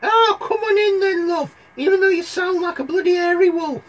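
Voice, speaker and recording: A man voicing a crude, crotchety sick old grandmother in a comic storybook retelling, in a shrill put-on voice. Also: moderate pace, rough recording. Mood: grumbling.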